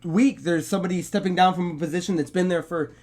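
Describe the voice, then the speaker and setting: Chill guy hosting a gaming podcast, kinda high voice, rambles and swears a lot. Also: fast. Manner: relaxed, rambling, swears freely. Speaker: podcast co-host. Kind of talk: casual podcast chat.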